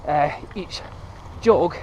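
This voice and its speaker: Filming himself on a camera, a thirty-something running vlogger jogs along paths near a city, chatting casually in a fairly high voice with drawn-out words. He's a bit breathless and rambling, and planes and traffic sound in the background.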